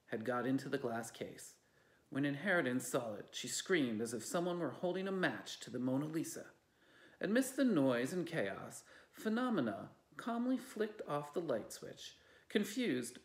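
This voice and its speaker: Gravelly, animated storybook reader. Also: medium pitch. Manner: expressive, animated narration. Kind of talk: storybook reading aloud. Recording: roomy echo.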